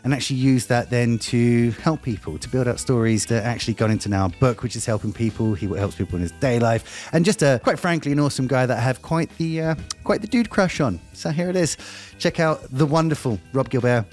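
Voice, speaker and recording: A man's voice: mid-range voice, lively intonation, brisk, darkish tone, soft background music. Chatty man hosting a live show. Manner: jokey, rambling, self-mocking. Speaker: host. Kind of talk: casual show intro.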